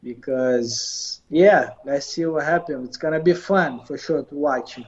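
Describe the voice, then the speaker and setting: A man from Brazil with a Brazilian Portuguese accent, answering interview questions in halting, repetitive English. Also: on the high side, dull audio. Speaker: professional fighter.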